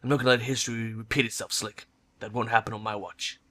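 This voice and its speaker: A hard-nosed female troll veteran mercenary, as a man puts her on, speaking in curt, clipped, unsentimental lines. The voice is bright and sharp-edged, never softening. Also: lowish voice, little pitch movement, quick pace. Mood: stern. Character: blunt stern female troll ex-soldier mercenary.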